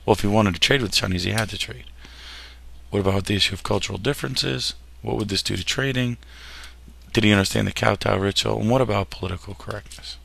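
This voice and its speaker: A man's voice: fairly low pitch, quick pace, vocal fry, a bit bright. A man teaching a history lesson over slides, casual and jokey, often tripping over words and restarting them. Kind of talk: classroom lecture over slides.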